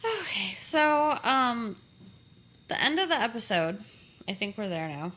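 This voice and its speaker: A woman co-hosting a podcast, recapping a TV episode in a lively, conversational way with fillers. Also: fairly high pitch, a little slow. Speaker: podcast co-host. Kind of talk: casual chat recapping a TV episode.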